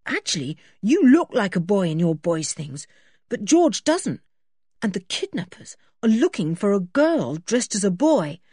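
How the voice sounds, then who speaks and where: A woman's voice: medium pitch, breathy edge, no room sound, clean studio sound, voice pushed up. A woman voicing a sober, sensible older boy who takes charge, in a storybook reading. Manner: steady, matter-of-fact.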